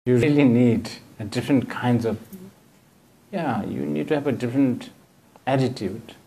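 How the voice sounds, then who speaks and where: A man giving a dharma talk as a Buddhist teacher. He rambles, hunts for words, and fills the gaps with "you know," with gently humorous asides. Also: mid-range voice, normal speed, vocal fry. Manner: digressive, searching for words, frequent "you know".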